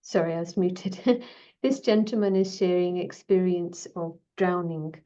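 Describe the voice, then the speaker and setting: A woman co-presenting an online session, summarizing a video in a measured way with frequent fillers. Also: lowish voice, warm tone, highs cut off.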